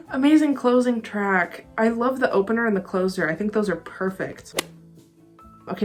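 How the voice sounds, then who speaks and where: A woman giving casual album reaction commentary, chatty and excitable, gushing with enthusiasm. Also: mid-range voice. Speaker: music reaction YouTuber.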